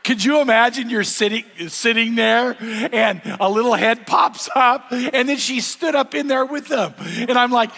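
A man's voice: very high voice, normal speed, vocal fry, sharp tone. An older man preaching a sermon, telling stories and asking the congregation questions. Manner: storytelling, asks the audience questions. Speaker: pastor. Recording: long hall reverb.

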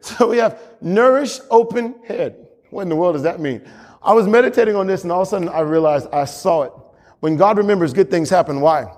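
A man's voice: high voice, a little mellow. A male pastor preaching a sermon with emphatic repetition and frequent chuckles. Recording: long hall reverb.

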